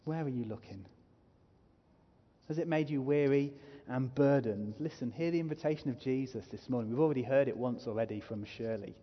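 A man's voice: medium pitch, a little fast. A man preaching a sermon as a pastor, earnest and growing emphatic as he urges his listeners. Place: church hall. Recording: muffled hall reverb.

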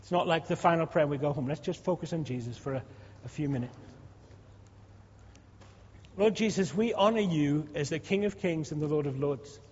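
A man's voice: a little high, normal speed, darkish tone, breathy edge. A man, a pastor leading his church in fervent prayer with repeated, rising pleas. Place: church hall. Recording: dull sound with long hall reverb.

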